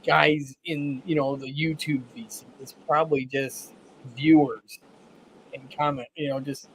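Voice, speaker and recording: A man's voice: fairly high pitch, little pitch movement, unhurried, a little hiss or hum, low-quality recording. Hesitant man in casual chat. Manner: hesitant, filler-heavy.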